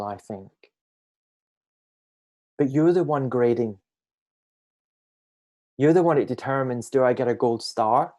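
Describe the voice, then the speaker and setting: A man shares reflective spiritual thoughts on a video call, at a middle pitch. His delivery is gentle and musing. He often draws out key phrases slowly for emphasis. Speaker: guest speaker on a group call.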